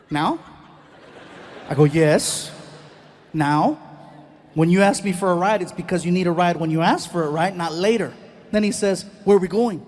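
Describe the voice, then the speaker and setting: A man's voice: high-pitched, a little mellow. A middle-aged man doing stand-up, telling stories and acting out voices and sound effects as he goes. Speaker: stand-up comedian. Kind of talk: stand-up storytelling. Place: live comedy stage.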